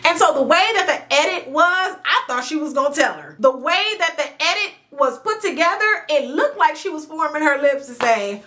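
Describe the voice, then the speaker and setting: A woman hosting a casual reality TV recap, talking straight to the viewer in an animated, chatty way and stretching words for emphasis. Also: high voice, brisk, hardly any pauses. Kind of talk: casual commentary to camera. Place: indoors at home near a sunny window.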